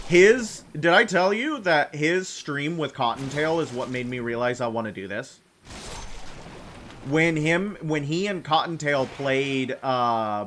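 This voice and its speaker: A man streaming a video game, chatting casually in a rambling, excitable way with sudden jumps in pitch and frequent laughter. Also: a little hiss or hum. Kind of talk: casual chat while playing a game.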